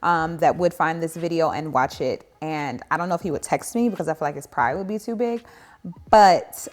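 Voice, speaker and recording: A young adult woman telling a dating story in a casual vlog, animated and sarcastic with emphatic asides. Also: low-pitched, normal speed.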